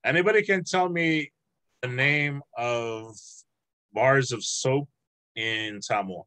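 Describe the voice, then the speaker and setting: A man's voice: medium pitch, takes it slowly, pushed and bright, smooth, no room sound, rough recording. A man teaching a language class over a video call, patient and encouraging, drawing out words as he explains.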